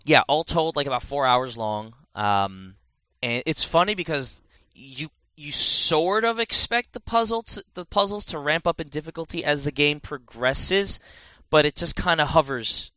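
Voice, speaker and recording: A man's voice: a little high, normal speed, pushed and bright, clear, resonant tone, no echo. A man in casual podcast chat, rambling and correcting himself as he reviews a game. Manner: rambling, self-correcting, chatty.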